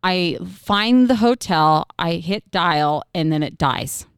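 A woman's voice: on the low side, animated, takes it slowly, smooth, no echo, clean studio sound. A woman in her thirties, a mom telling a chaotic travel story in casual chat, swearing freely and laughing as she goes.

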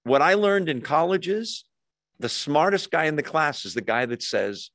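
A male pastor preaching a conversational sermon, acting out quoted voices with lively asides. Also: a little high, moderate pace, dry recording.

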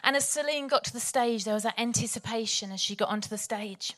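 Enthusiastic woman preacher, conversational sermon, higher pitch. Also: fast talker, a bit bright. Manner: chatty, enthusiastic, laughs easily.

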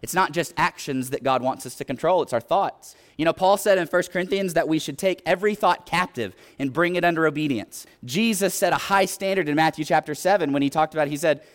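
A man's voice: fairly high pitch, brisk, hardly any pauses. A man preaching a sermon in an earnest, exhorting way, often retelling scripture stories.

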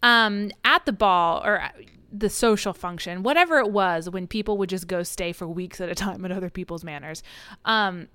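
A woman co-hosting a casual book podcast, recapping a novel with lively acted-out lines and laughter. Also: mid-range voice, moderate pace, clean tone, no echo. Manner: animated retelling, acting out characters' lines with swearing and laughs. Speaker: podcast co-host. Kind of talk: casual book-club chat.

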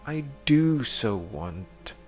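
A man voicing a sweet, tearful young maid who speaks softly and wistfully. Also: mid-range voice, very animated, measured pace, vocal fry. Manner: soft wistful pleading. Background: music.

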